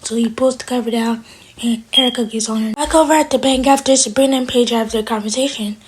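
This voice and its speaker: A woman's voice: fairly high pitch, steady tone, slightly rough, poor audio. A woman recapping a TV episode in a casual, chatty way. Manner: fast, chatty retelling. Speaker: TV episode reviewer.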